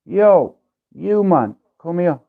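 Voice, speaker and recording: A man voicing a sharp-tongued, protective mother who scolds in street slang, over tinny phone-like audio. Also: high-pitched, expressive, slow pace, vocal fry, exaggerated voice. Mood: scolding.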